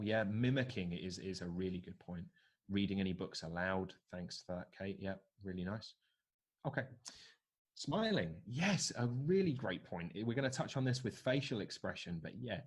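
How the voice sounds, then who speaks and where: A man's voice: lowish voice, husky. A man teaching presentation skills to a live online workshop from a video call, reading out and answering what participants suggest. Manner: coaching, reads out participant answers.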